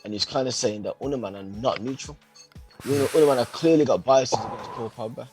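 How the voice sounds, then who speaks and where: A man co-hosting a casual football podcast, talking in animated, slangy, opinionated bursts. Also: mid-range voice, quick pace, music in the background, rough recording. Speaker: podcast co-host.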